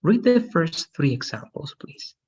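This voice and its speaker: Husky-voiced man teaching English online. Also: on the high side, sing-song, a little slow, a little mellow, lo-fi sound. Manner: patient, checks in with "right?" often.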